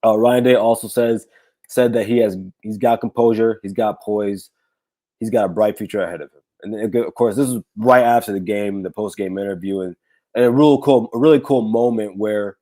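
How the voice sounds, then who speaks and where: A man with a raspy, hoarse voice hosts a casual sports talk livestream, rambling with many fillers and restarts. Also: fairly low pitch, normal speed, warm tone. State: hoarse, recovering from illness. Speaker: podcast host.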